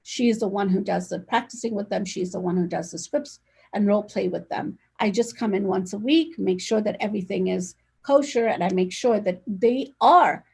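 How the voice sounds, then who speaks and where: A woman's voice: mid-range voice, normal speed, vocal fry, darkish tone, slightly rough. A woman speaking energetically and directly as an interview guest, talking over a video call. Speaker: real estate agent, guest. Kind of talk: casual conversational interview.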